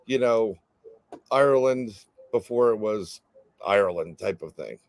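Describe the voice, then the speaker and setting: A man's voice: fairly low pitch, lively intonation, measured pace, no echo. A man with a New York accent hosting an interview, chatty and jokey, rambling with lots of fillers. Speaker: podcast host. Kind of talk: casual interview chat.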